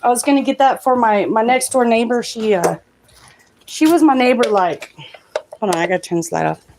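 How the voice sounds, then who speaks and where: A woman's voice: a little high, brisk, noisy background. A young woman doing a casual, rambling tarot reading on a live stream, talking straight to her viewers. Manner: chatty, rambling, reads the cards out loud to viewers.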